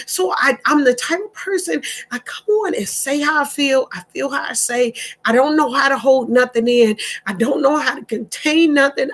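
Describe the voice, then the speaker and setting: A woman speaking to her viewers on a live stream, heartfelt, halting and repeating herself, at times tearful. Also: sits high, low-quality recording. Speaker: vlogger.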